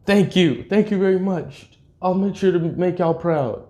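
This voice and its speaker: A man voicing an excitable teenage hero boy, raising his voice high and sounding eager. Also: measured pace, reverberant. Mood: excited.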